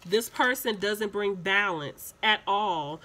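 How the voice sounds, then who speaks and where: A woman reading tarot cards for her viewers in an insistent, chatty way. She repeats points for emphasis. Her tone is bright, with faint noise behind it. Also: medium pitch, slow pace. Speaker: tarot reader.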